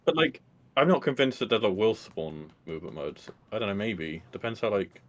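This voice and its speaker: A man's voice: fairly low pitch, sing-song, moderate pace. A man on a game team's livestream, reading out viewer questions and answering earnestly with restarts. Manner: earnest, restarts sentences, reads questions aloud. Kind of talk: casual livestream chat.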